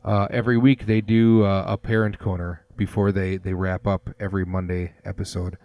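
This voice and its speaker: A man in his thirties hosts a casual sports podcast, rambling through stories packed with fillers. His low voice has a dark tone and flat delivery at normal speed, with no echo.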